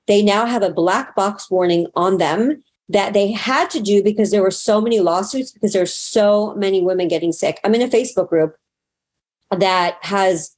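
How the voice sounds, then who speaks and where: A woman in her thirties, a guest in an interview, telling a personal story in an earnest, expressive way that rises sharply in pitch when she gets excited.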